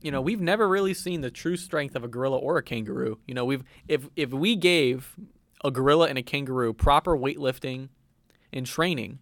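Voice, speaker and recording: A man's voice: mid-range voice, fairly quick, no room sound. A young man doing playful mock sports commentary on a football video game, in a mock-serious broadcaster tone with fillers.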